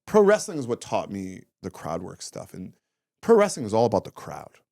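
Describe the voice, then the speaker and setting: A man in his thirties, a former fighter turned comedian, chatting as a guest and telling animated stories full of swearing and acted-out quotes. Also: fairly low pitch, moderate pace, vocal fry, dry recording, studio quality. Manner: animated storytelling, acts out quotes, swears often. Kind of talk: casual interview chat.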